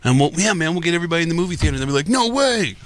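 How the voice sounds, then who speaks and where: A man, a comedian telling road stories on a podcast in a casual, animated way, acting out the people he quotes. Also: a little high, rapid-fire, no room sound.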